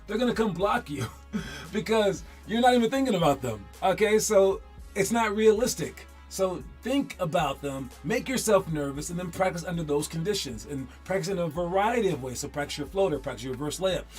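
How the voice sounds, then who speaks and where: A man hosts a loose, chatty livestream in a fairly high voice. He rambles and corrects himself as he goes. Faint music plays underneath. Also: lively intonation, fairly quick. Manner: rambling, with many self-corrections. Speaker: basketball show host. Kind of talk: casual livestream chat.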